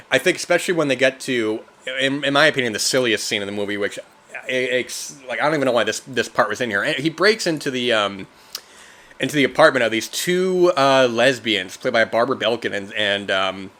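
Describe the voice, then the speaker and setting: A film podcast host with a voice on the low side reviews casually and loosely, rambling as he goes. He frequently drops in "man" and turns animated when mimicking reactions.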